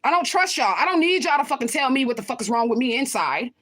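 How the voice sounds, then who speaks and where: Woman, high voice, casual livestream talk, confrontational, swears a lot, repeats herself for emphasis. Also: very animated, fast talker, fairly bright tone. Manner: blunt, profane and confrontational. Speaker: livestreamer answering viewer comments.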